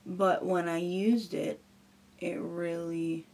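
Goofy chatty young woman, lowish voice. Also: moderate pace, a little hiss or hum. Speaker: beauty vlogger. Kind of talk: casual makeup tutorial chat.

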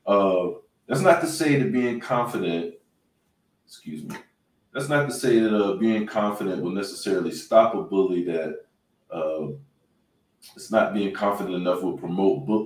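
A male instructor reading child-safety tips aloud on a panel show, halting and correcting himself as he goes. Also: low voice. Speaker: self-defense instructor. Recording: roomy sound from a distant mic.

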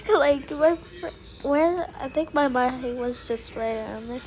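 A woman's voice: sits high, slow, music in the background. A woman giving casual gaming commentary, giggling often and squealing when startled. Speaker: gamer.

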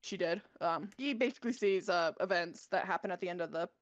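A woman on a podcast walks through a fantasy story in a loose, rambling way, stopping often to correct herself. Her voice sits at an ordinary pitch. The sound is dry and a little dull. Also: fairly quick, dry recording. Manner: rambling, many fillers and self-corrections. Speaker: podcast co-host. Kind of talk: casual chat, retelling a book plot.

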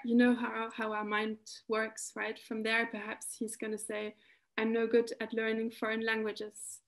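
A woman talks through a tapping technique in a calm, explanatory way. Her voice sits a little high and stays fairly level, with little rise and fall. She often backs up and restarts a phrase before carrying on. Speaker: EFT practitioner giving a talk. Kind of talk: explanatory talk with demonstration.

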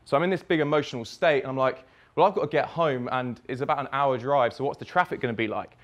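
At a fitness business summit, a young man delivers a storytelling keynote, walking step by step through a personal story in the present tense. His voice sits in the ordinary male middle range, and he talks fast with vivid, bluntly profane delivery, though the recording is muffled.

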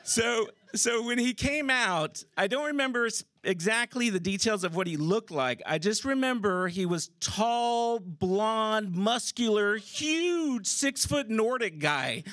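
A man telling a true personal story on a theater stage, casual and animated, swearing and laughing as he goes. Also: sits high, slow pace, few pauses, no room sound. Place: theater stage before a live audience. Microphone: stage microphone.

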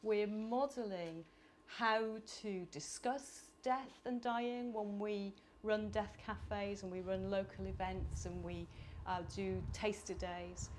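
A middle-aged woman from the United Kingdom speaking at a conference, animated and chatty with laughing asides. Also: medium pitch, slow pace, hardly any pauses, slight background noise. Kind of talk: conference talk. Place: conference hall.

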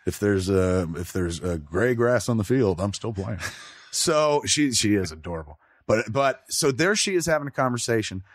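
A middle-aged man hosting a casual chat, talking in an animated, profane way and acting out lines in quoted voices. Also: lowish voice, moderate pace, dry recording. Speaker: podcast host.

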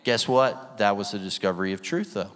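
A guest preacher speaks a little fast in a fairly low, slightly bright voice, preaching energetically with plenty of emphasis, rhetorical questions and laughter. The sound carries the long reverb of a church hall.

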